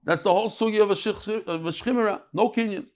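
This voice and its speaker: A middle-aged man leads a lively Talmud class, telling stories and bantering with his students. His voice sits fairly high for a man. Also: fast. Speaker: Talmud teacher.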